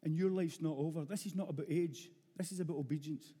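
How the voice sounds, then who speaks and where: A middle-aged Glaswegian man preaches a blunt, earnest sermon in a rough-edged Scottish voice that sits a little high for a man. He hammers his points home by repeating phrases. His words ring out with a long hall reverb. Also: fairly even intonation, fast talker, dark tone. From Scotland, Glasgow.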